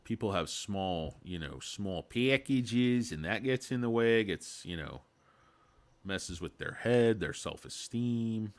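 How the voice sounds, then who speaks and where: A man's voice: lowish voice, animated, slow. A man hosting a casual stock market video, rambling and irreverent with crude jokes, tired from lack of sleep.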